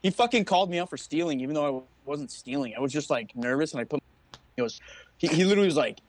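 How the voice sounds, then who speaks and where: This young male co-host of a laid-back podcast talks fast in a fairly high voice. He spins lively stories, swears heavily, and performs the quoted lines himself.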